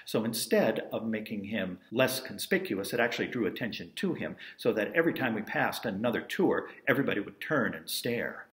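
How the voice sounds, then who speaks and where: Man, storytelling monologue, wry asides, lively pitch, roomy echo. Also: fairly quick, few pauses. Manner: wry, conversational, self-amused asides.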